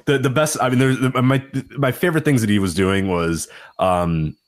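A man's voice: fairly low pitch, normal speed, dry recording, clean studio sound. A man co-hosting a casual podcast, telling stories with lots of laughter and acting out quotes from others. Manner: animated storytelling, acts out quotes, laughs often. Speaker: podcast co-host. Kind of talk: casual wrestling podcast chat.

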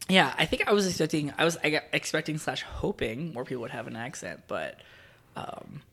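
A young man from South Jersey talks as a podcast guest. His voice is bright and a touch high. He rambles casually, packing his talk with fillers and restarts. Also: expressive, brisk, slightly rough. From South New Jersey. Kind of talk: casual chat.

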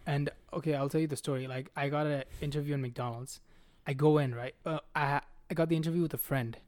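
A young male podcast host tells a story in casual, profane slang, animatedly calling his friend "bro" over and over. His voice is a little high and fast, and the recording is dry.

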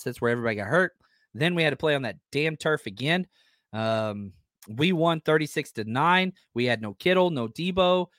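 A man hosting a casual sports fan podcast, talking excitedly, swearing casually and reading out listeners' questions. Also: mid-range voice, dry recording, clean studio sound. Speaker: podcast host.

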